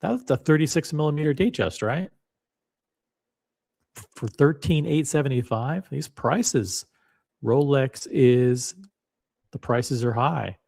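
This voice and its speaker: This man's mid-range voice is a little mellow, with vocal fry, a slow pace, and long pauses. He hosts a watch channel and browses listings on screen, reading them aloud wryly and musingly in casual screen-share commentary.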